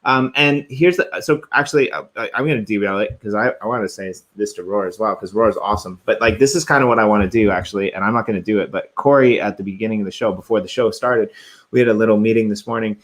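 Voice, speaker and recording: A young adult man co-hosts a casual podcast, eagerly telling stories in an upbeat, chatty way. His voice is fairly low, and he talks fast.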